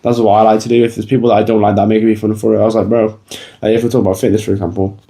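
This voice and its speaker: A man's voice: fairly low pitch, level tone, rapid-fire, warm tone. A young man gives blunt, casual fitness advice to the camera, swearing freely and calling the viewer bro. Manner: blunt, swears a lot, says bro often. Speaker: fitness vlogger. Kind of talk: casual motivational talk to camera.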